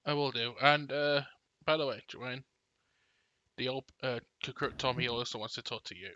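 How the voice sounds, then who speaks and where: A man's voice: medium pitch, fairly even intonation, normal speed, sharp tone, dull audio, lightly acted. A man voicing a weary young woman Jedi troubled by visions, talking hesitantly in a tabletop role-play. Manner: hesitant, restarts sentences.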